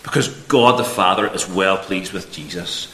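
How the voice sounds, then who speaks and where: A man preaching a lively children's talk in church, asking the children questions. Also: low voice, normal speed. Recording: echoey church room.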